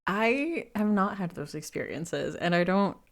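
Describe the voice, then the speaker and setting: A woman's voice: medium pitch, expressive, a little slow, creaky. A woman hosting a podcast, talking in a chatty, upbeat way. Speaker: podcast host. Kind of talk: casual chat.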